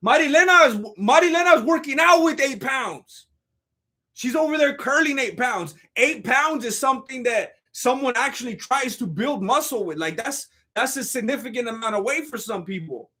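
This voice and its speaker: A man doing casual, jokey live-stream commentary on fight news and thanking chat members. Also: very high voice. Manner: animated, jokey, reads chat donations aloud.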